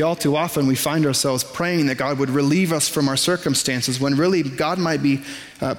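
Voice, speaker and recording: A man preaching a sermon in a conversational, self-deprecating way, with quick asides to the congregation. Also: medium pitch, big-room sound. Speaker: pastor. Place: church sanctuary.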